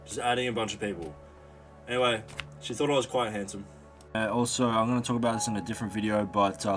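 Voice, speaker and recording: A man's voice: on the low side, fairly even intonation, quick pace, fairly bright tone. A young man telling a rambling, profane story as a vlogger, with mock stammers for comic effect. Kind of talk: casual storytelling monologue. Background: background music.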